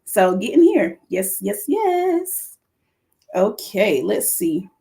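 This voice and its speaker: A woman hosting her podcast livestream, talking straight to viewers, lively and excited. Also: mid-range voice, slow pace, vocal fry. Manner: lively, excited, calls to the audience. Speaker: podcast host.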